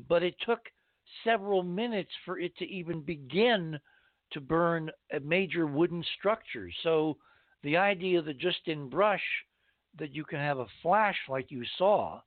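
A man's voice: a little high, unhurried, no room sound. A man hosting a casual talk conversation, drifting through long anecdotes. His voice comes through a narrow, phone-like line. The sound is dry and close. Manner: storytelling, rambling anecdotes.

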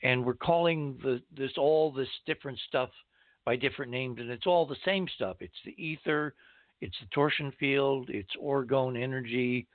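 A man's voice: medium pitch, normal speed, no echo, narrow, tinny audio. A man hosting a talk show, interviewing a caller and explaining ideas in a conversational way. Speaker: host.

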